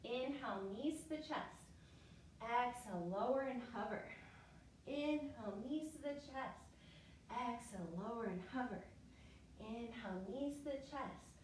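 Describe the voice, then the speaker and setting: Yoga teacher, woman, fairly high voice, slightly winded, calm breath cues; roomy echo, distant mic. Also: unhurried, slight background noise. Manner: calm step-by-step cueing, breath counts. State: a little out of breath. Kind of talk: guided yoga class cues. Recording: echoey room, mic far off.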